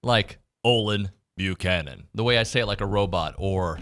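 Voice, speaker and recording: A man's voice: lowish voice, a little fast, fairly bright tone. A man hosting a sports radio show in a studio, chatting casually and self-deprecatingly with plenty of restarts. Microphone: studio microphone.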